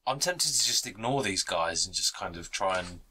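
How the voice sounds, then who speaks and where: A man's voice: low voice, expressive, normal speed, a crowd in the background. A man playing in a tabletop game, chatting in an easygoing, chuckling way. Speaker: player. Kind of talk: casual tabletop play.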